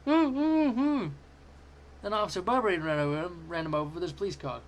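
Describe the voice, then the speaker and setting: A man's voice: fairly high pitch, racing, a bit bright, slight background noise. A man reading fanfiction aloud, amused and stumbling over words now and then. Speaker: fanfiction reader.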